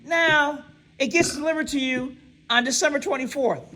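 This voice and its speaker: A man's voice: extremely high pitch, moderate pace, sharp tone, poor audio. A man teaching a lecture class, reading aloud and asking students to fill in missing words, often checking with "right?". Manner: quizzing, reads text aloud and asks students to fill in words. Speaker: instructor.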